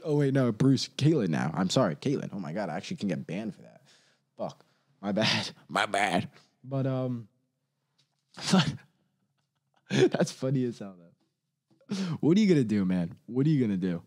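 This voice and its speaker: A man ranting casually on his own, rambling and profane, laughing often and quickly mimicking others. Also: on the low side, very animated. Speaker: solo commentator.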